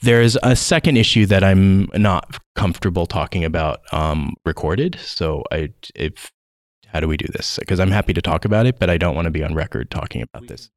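A man's voice: low-pitched, expressive, brisk, dry recording, clean studio sound. A man guest on a podcast, talking in a thoughtful way with frequent restarts and emphatic repeats. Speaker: education guest speaker. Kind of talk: conversational podcast interview.

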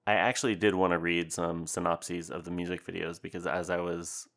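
A young man with a very deep, low-pitched voice co-hosts a casual podcast. He jokes around and rambles, often poking fun at himself as he talks. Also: level tone, a little fast, fairly bright tone. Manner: joking, rambling, self-deprecating. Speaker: podcast co-host.

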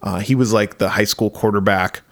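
A man's voice: lowish voice, steady tone, fairly quick, a bit bright. A man co-hosting a podcast in casual chat, laughing often and swearing freely as he talks. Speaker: podcast co-host.

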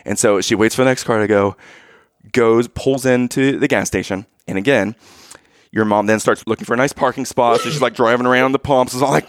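Animated man telling a funny story. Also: mid-range voice, brisk, no room sound, clean studio sound. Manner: animated, acts out his own past lines with loud outbursts. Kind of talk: casual storytelling chat.

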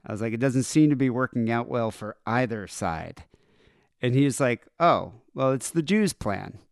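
Spinning a long anecdote in casual storytelling chat, a male podcast co-host animatedly acts out both sides of the exchange. His voice is smooth, resonant and mid-range at a moderate pace, and the sound is dry and close with no echo or room around it.

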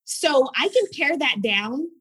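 A woman from Oklahoma, a mother of school-age sons, telling personal stories in an animated, expressive way as a guest in a conversation. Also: high-pitched, a little slow, no room sound, low-quality recording. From Tulsa, Oklahoma, US. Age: adult mother of school-age sons. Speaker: podcast guest.

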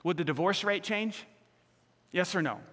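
A male pastor preaching a sermon with animated delivery, acting out the voices of people in the stories he tells. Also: high voice, normal speed, slightly rough, in a large hall. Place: church sanctuary.

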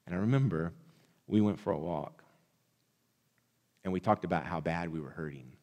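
A man preaching a sermon, building to loud, impassioned repeated blessings. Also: low-pitched, moderate pace, pauses often, long reverb tail. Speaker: pastor.

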